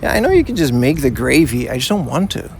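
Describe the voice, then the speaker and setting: A man's voice: mid-range voice, sing-song, fast talker, vocal fry, a little mellow, a little hiss or hum. A man streaming live while he walks outdoors on city streets. He chats casually and reads out and answers his chat in a laid-back way, often saying "man" and "you know". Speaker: IRL streamer. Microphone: portable streaming rig carried while walking.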